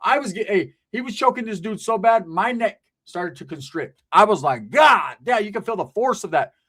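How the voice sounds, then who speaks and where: A man's voice: high voice, expressive, moderate pace, fairly bright tone, husky. A middle-aged man telling a street story in casual, profane slang, keeps checking in with "right?".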